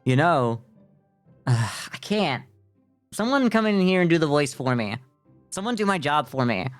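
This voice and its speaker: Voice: medium pitch, very animated, moderate pace, soft background music. A streamer playing a story game live, reading the text aloud, laughing often, and chatting in a self-mocking way with plenty of fillers.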